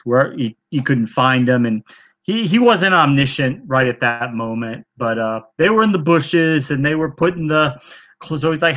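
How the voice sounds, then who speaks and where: A man's voice: mid-range voice, lively intonation, moderate pace, fairly bright tone. A man giving a mock-earnest, sarcastic retelling on a livestream, rambling with many fillers.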